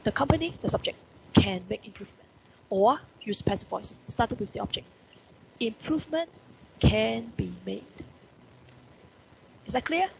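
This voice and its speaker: A Hong Kong-accented woman teaches an online lesson over a computer mic, pitched a little high with a strongly gravelly, fry-heavy voice. She keeps stressing key words and asking "what does that mean?" Faint noise hums underneath. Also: expressive, brisk. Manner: repeats rhetorical questions, stresses key words. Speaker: English teacher. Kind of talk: online lesson explaining report writing. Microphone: computer mic on video call.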